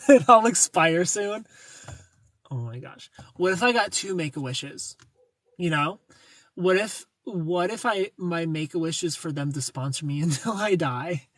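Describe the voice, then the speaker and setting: A young man hosts a casual livestream, reading out viewer comments, joking playfully and greeting people by name. His voice is a little high and expressive, at normal speed, in a dry recording.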